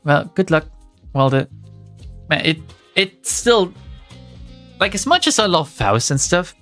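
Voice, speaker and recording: A man's voice: fairly high pitch, bright, forceful tone. A man giving casual, rambling commentary while reading a game story aloud, with many fillers.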